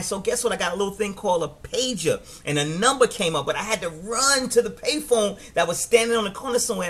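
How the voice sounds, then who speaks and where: Middle-aged new york guy doing a home business training, animated, kinda high voice, keeps restarting words. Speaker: network marketing trainer. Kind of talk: casual live training talk.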